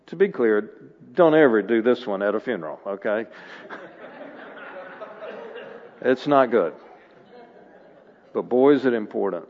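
A man's voice: medium pitch, animated, normal speed, long pauses. Earnest male preacher in a reverberant hall. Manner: earnest, rising to emphatic bursts. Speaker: guest preacher. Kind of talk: sermon. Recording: dull sound with long hall reverb.

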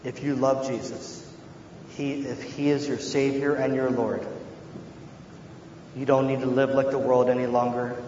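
A man preaching a sermon as a pastor, earnest, moving between hushed tones and loud emphasis. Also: medium pitch, level tone, unhurried, pauses often. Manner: earnest, shifts from hushed to shouting. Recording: echoey hall, dull and slightly noisy.

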